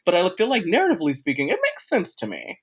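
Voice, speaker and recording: A man's voice: high voice, wildly swooping pitch, fast talker, slightly rough. Thoughtful man analyzing a show. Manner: thoughtful, analytical, laughs often. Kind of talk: casual pop-culture chat.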